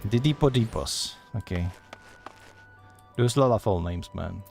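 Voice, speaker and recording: A man's voice: lowish voice, animated, unhurried, vocal fry, darkish tone, faint music behind. A man livestreaming a game, chatting casually with joking asides to his viewers. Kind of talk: casual gaming livestream chat.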